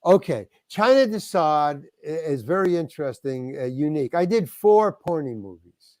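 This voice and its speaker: A man's voice: a little high, animated, normal speed, a little mellow, no room sound. An older man from New York, a guest actor telling stories in a rambling way, full of restarts and acted-out lines from other people. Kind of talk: casual interview storytelling.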